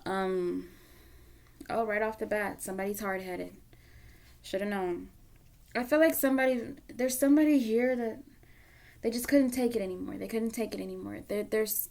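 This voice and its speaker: Woman tarot reader, casual and emotional, gravelly mid-pitched voice that sinks to a whisper. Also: fairly even intonation, normal speed. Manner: emotional, candid, swings from loud to whispery. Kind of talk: casual tarot reading to camera.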